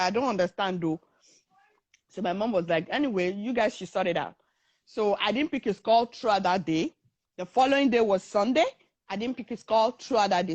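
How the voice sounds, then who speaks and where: A young woman with a medium-pitched voice tells her own story in a casual talk, animatedly acting out the voices of the people in it. The recording is dry.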